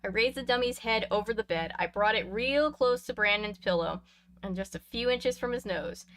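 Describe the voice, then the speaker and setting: A woman's voice: medium pitch, normal speed, a bit bright. A woman reading a book aloud, breaking off for chatty, laughing asides between passages. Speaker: reader of a book.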